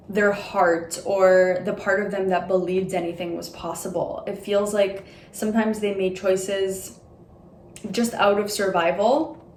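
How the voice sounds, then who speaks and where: A woman's voice: medium pitch, slight background noise. A woman giving an intuitive tarot reading to the camera. She talks in a reassuring, flowing way with many casual fillers. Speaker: tarot reader. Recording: roomy room with faint ambience.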